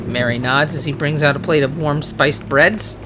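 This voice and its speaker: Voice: mid-range voice, fairly even intonation, normal speed, noisy background. A gamer reading a card game's text aloud, breaking into hesitant casual asides and self-corrections. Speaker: let's play gamer. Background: game music.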